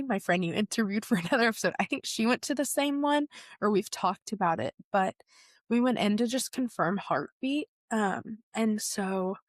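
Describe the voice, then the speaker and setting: A woman's voice: medium pitch, no room sound. Young woman telling her story, dry sound. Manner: animated retelling, laughs often, acts out quotes. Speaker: podcast guest. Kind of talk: personal storytelling.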